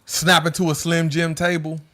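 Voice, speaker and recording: A man co-hosting a casual podcast, relaxed and quick to laugh. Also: a little high. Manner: relaxed, animated, laughs easily. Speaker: podcast co-host. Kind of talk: casual chat.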